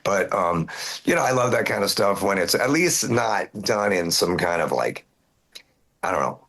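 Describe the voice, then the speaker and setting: Low-voiced man chatting in an interview. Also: expressive, normal speed, vocal fry, a bit bright. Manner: rambling, many fillers and restarts. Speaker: metal band singer, guest. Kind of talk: casual interview chat.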